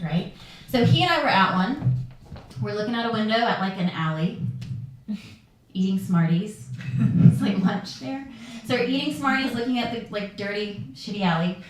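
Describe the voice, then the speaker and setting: A woman's voice: mid-range voice, darkish tone. A woman telling a personal story live on stage, candid and darkly funny. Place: live performance venue. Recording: very echoey room from far off.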